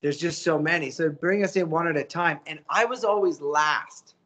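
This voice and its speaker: A man, a voice actor guest, telling stories in a casual interview, lively and coaching with acted-out quotes. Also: on the high side, normal speed. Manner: animated, acts out quotes, coaching.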